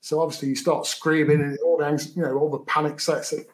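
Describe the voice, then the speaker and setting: Halting man telling his story. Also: a little high, level tone. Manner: halting, repeats words, matter-of-fact. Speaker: guest. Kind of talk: storytelling in an interview.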